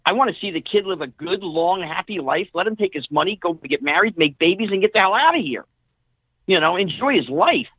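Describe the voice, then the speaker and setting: A middle-aged man, a guest on an interview show, telling casual stories in an animated way and acting out what other people said. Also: high-pitched, brisk, husky, no echo. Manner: animated storyteller who acts out quoted dialogue. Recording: tinny phone-line audio, dry.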